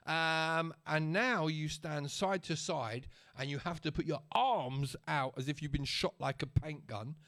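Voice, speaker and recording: Man with a slightly raised pitch for a casual vlog rant, sarcastic and conversational. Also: unhurried, few pauses, fairly bright tone. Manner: chatty and sarcastic, checks in with the listener. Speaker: vlogger.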